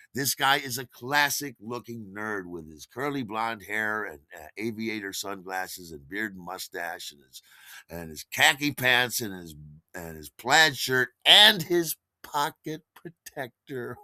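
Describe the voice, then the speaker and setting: Lively, bright-voiced male storyteller. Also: medium pitch, dry recording, studio quality. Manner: wry, digressive, chatty. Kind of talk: spoken storytelling monologue.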